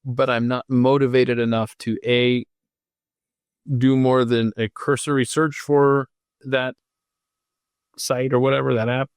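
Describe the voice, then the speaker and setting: A man's voice: medium pitch, level tone, a little slow, pauses often, clean tone, no echo, clean studio sound. A man hosting a podcast, chatting casually, rambling and self-deprecating as he reads live comments. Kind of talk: casual rambling livestream chat.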